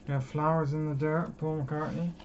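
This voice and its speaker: A young British man with a fairly high, darkish voice rambles casually through his record collection, joking at his own expense. He keeps a level tone and moderate pace, and the dull lo-fi recording has clear background noise.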